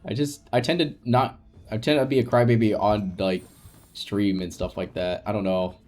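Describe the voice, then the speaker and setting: A young man chatting casually on a live gaming stream, soft-spoken and rambling, with frequent restarts and light laughs. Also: lowish voice, fairly even intonation, normal speed, faint music behind.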